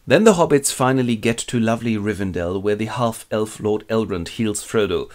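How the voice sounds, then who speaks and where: A man with a German accent telling a fantasy epic as a quick comic retelling, narrating and jumping into character voices. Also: darkish tone. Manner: playful, switches into squeaky voices for characters.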